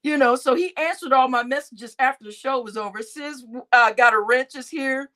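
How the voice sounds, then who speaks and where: A woman hosting a livestream, chatting casually and gossiping with viewers, often laughing and breaking into loud exclamations. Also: high-pitched, a little fast, hardly any pauses. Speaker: livestream host.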